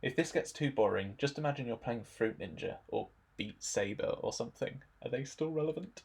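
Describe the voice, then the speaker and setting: Young man, low gravelly voice, husky, warm-up instructor voice-over, dry jokey asides. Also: normal speed. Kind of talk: voice-over narration of a stretching demo.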